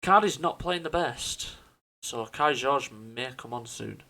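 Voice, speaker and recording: A man's voice: mid-range voice, expressive, a little slow, pushed and bright. A man giving casual, chatty commentary over a football management game, often stumbling over names and correcting himself. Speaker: gaming YouTuber.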